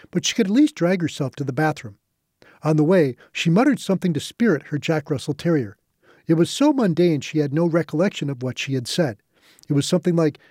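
Mellow, dry-voiced male narrator. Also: fairly high pitch, no room sound. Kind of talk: scripted narration.

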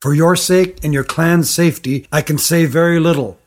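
Brief: a man as a scared, urgent youth, hushed and pressing, fairly high voice. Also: moderate pace, natural voice. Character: frightened, urgent older boy on the run. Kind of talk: storybook reading.

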